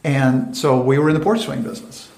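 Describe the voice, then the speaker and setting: Animated man telling a story. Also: medium pitch, fairly quick. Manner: animated, acts out quoted dialogue in lively voices. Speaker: venture capital founder, interview guest. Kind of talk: conversational storytelling interview. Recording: roomy echoey room.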